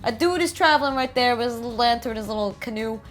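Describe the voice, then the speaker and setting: A woman's voice: a little high, fast, soft background music. A woman with a New Jersey accent, casually riffing and joking as she reads about game art. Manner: chatty, jokey, reads aloud and riffs. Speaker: host.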